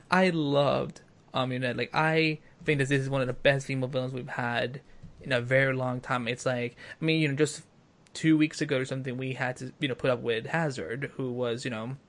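A man's voice: medium pitch, steady tone, moderate pace, a bit bright. A man co-hosting a casual podcast chat, talking in a rambling way full of fillers and restarts. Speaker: podcast co-host.

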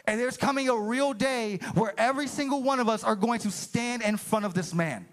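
A man preaches a sermon in a church sanctuary. He is animated and keeps calling out to the congregation for a response. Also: very high voice, moderate pace. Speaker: pastor.

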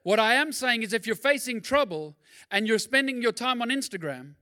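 A man pastor preaching a sermon in a conversational way, swinging between loud and hushed. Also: very high-pitched, lively intonation, moderate pace, clean tone.

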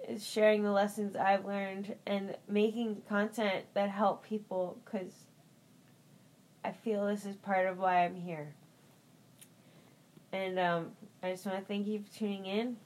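A woman hosting her own podcast, talking through self-help tips in a loose, rambling, earnest way, full of fillers. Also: medium pitch. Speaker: podcast host. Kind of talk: casual self-help monologue.

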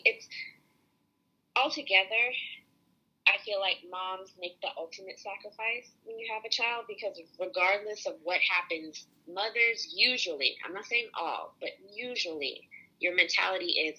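A woman's voice: medium pitch, sharp tone, husky, muffled recording. A woman chatting casually as a podcast co-host, earnest and opinionated, reflecting on relationships and parenting. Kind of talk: casual chat.

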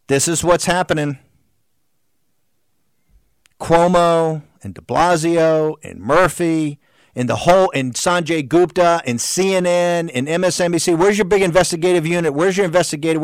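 A combative male talk-show host in full monologue, heated and emphatic, firing off one rhetorical question after another. His voice sits a touch higher than most men's. The sound is dry and close, with no room echo. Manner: rapid-fire rhetorical questions.

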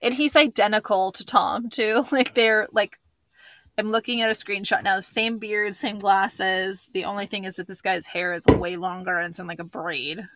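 A woman's voice: medium pitch, steady tone, normal speed, fairly bright tone. A woman hosting a podcast, chatting casually and rambling, with many fillers. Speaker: podcast host.

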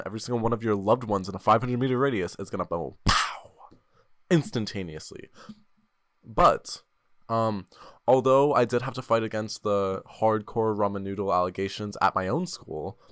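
A man's voice: fairly low pitch, fairly bright tone, no room sound, clean studio sound. Rambling seventeen-year-old boy podcaster. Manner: rambling, jokey, self-mocking. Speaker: podcast host. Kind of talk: casual solo podcast chat. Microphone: desk microphone.

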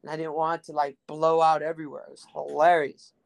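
A man's voice: on the high side, monotone, brisk, vocal fry. A young man from South Texas hosting a casual podcast, telling crude, rambling stories full of fillers and jokes. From Rio Grande Valley, Texas. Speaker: podcast host.

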